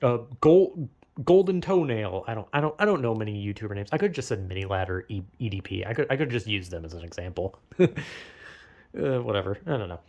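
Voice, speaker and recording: A man's voice: lowish voice, animated, quick pace, muffled recording. A young man giving a rambling, profane casual commentary, often stumbling and restarting. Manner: profane, rambling, self-interrupting with laughs. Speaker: video essayist.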